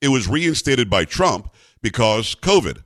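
A man hosting a political commentary show, talking in a sarcastic, animated way. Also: mid-range voice, measured pace, no echo, studio quality. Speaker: talk show host.

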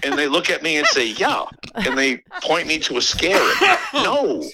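A man calling in to a podcast, telling a teasing, animated story. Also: a little high, normal speed, very noisy. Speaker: phone-in caller. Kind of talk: joking phone call.

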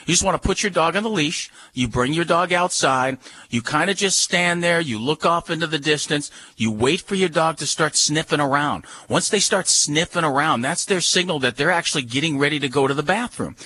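A man's voice: a little high, a little fast, pushed and bright, husky, dry recording. A man giving dog training advice on a radio call-in show, folksy and repetitive as he coaches.

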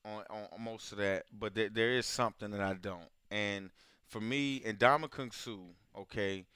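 A man hosting a casual sports chat, arguing his point with slow, deliberate stresses. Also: lowish voice, fairly even intonation, bright, forceful tone, smooth, no room sound. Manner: argumentative, drawn-out pauses for effect. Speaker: show host.

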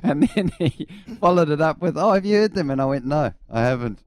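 A man's voice: fairly high pitch, animated, a little fast, no room sound, clean studio sound. A man in his forties with a New Zealand accent, a former cricketer telling laid-back anecdotes as a guest on a casual radio chat.

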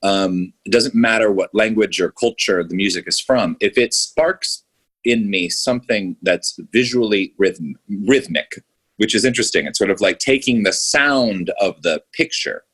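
Low husky guy, film director gushing away on a podcast, lots of restarts. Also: moderate pace, a bit bright. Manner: enthusiastic, rambling with restarts. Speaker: filmmaker guest. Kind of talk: casual podcast interview.

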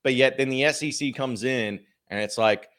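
A man's voice: medium pitch, normal speed, a bit bright. A man hosting a sports podcast, giving opinionated, rambling commentary with plenty of filler words.

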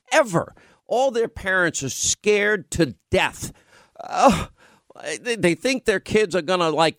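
A man's voice: a little high, a bit bright, no room sound, studio quality. A man hosting a talk show, bantering with his co-hosts in a playfully defensive way. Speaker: radio talk show host.

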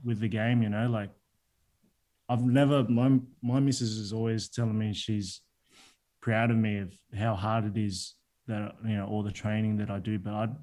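A man's voice: on the low side, flat delivery, normal speed, warm tone. A young man, a fighter, answering interview questions in a laid-back, easygoing way with lots of "like" and "you know". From Australia. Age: young adult. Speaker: guest, heavyweight Muay Thai fighter. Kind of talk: casual interview talk.

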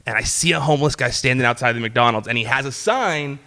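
A young man, a former entertainment reporter, telling a story in casual chat, full of fillers and restarts, acting out quotes in a higher voice. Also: fast, pushed and bright.

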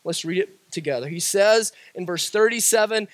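A pastor preaching a sermon, a man who repeats his lines for emphasis and rises to shouts. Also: high voice, moderate pace, few pauses, dry recording.

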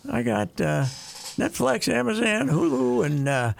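Gravelly older man, rambling. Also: high voice, big pitch swings. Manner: rambling, halting, many restarts. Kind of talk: casual chat, reminiscing.

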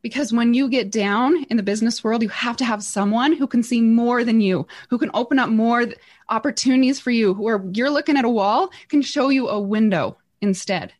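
A guest speaker, a woman, tells a motivational story at a slightly quick pace. She's animated and acts out the voices in her quotes with big leaps in pitch.

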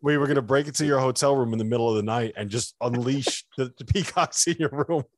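Animated man telling stories, dry sound. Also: medium pitch, fast talker, no room sound. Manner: animated storyteller, laughs often. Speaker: podcast co-host. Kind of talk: casual chat, storytelling.

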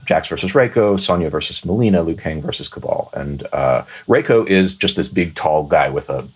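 A man's voice: rumbling low, expressive, moderate pace, husky. A man co-hosting a podcast, chatting casually about a movie, rambling with restarts and laughs. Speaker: podcast co-host. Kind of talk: casual chat.

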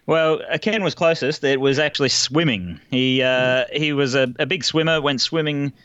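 A man's voice: a little high, moderate pace, fairly bright tone, clear, resonant tone, no room sound, lo-fi sound. An Australian man hosting a podcast trivia game with dry, wry asides. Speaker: quiz host. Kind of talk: casual podcast quiz hosting.

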